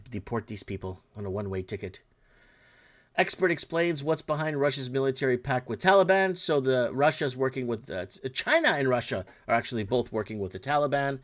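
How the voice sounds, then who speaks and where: A man hosting his own podcast, giving casual, exasperated news commentary, rambling with frequent restarts and fillers. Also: mid-range voice. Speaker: podcast host.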